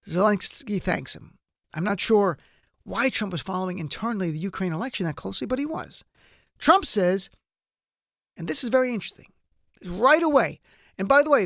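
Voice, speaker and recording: High-voiced man hosting political talk. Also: animated, normal speed, creaky, a bit bright, dry recording, clean studio sound. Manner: incredulous, wry, talks straight to listeners. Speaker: talk show host. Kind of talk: political commentary monologue.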